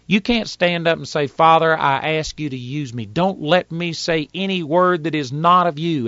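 A man's voice: a little high, a bit bright, no room sound, muffled recording. A man with a Texas accent, teaching from the Bible in a folksy, plainspoken sermon and reading scripture aloud. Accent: Texan. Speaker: preacher.

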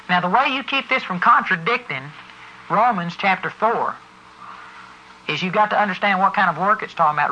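A preacher delivers a forceful sermon, pressing each point and spelling words out letter by letter. The voice is bright and sharp-edged. The church recording sounds dull and lo-fi. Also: medium pitch, a little hiss or hum. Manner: emphatic, spells words out for stress. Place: church service before a congregation.

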